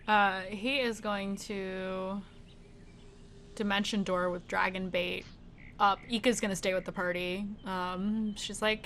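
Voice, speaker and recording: A woman's voice: mid-range voice, little pitch movement, slow, fairly bright tone, slight background noise. A woman narrating as dungeon master of a tabletop game, chatty and laughing often, thinking aloud with fillers.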